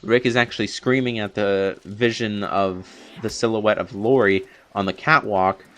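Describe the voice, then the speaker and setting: His voice is lowish and a bit bright, delivered at a moderate pace with fairly even intonation. The young man rambles through an unscripted TV episode review, restarting often and leaning on fillers, slightly out of breath after talking at length.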